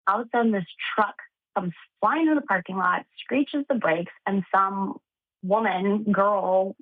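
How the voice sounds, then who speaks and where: A young woman tells her story in a casual interview, animated and quick to laugh. Her voice comes through a tinny, phone-like line with a thin, narrow sound. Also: medium pitch. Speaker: podcast guest.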